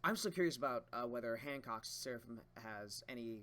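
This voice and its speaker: A man hosting a casual reaction show from home, thinking aloud in long excited asides about a manga chapter. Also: mid-range voice, fairly quick. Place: a house with others at home.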